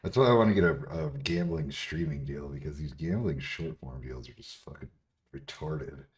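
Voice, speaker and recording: A man streaming casually as a bodybuilder answering chat, blunt and profane, laughing and getting louder when riled up. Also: rumbling low, moderate pace.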